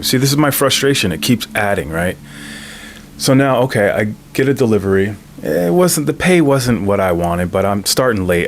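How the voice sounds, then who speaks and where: Low-voiced man telling a story. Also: slight background noise. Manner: animated storytelling, says "right?" often. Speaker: channel host. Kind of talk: casual personal monologue.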